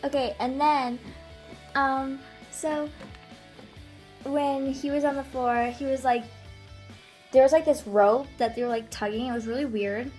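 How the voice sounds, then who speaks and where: A woman's voice: high voice, fairly even intonation, measured pace, long pauses, darkish tone, soft background music. A young woman co-hosting a casual vlog, chatty and full of fillers. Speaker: vlog co-host. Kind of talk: casual chat.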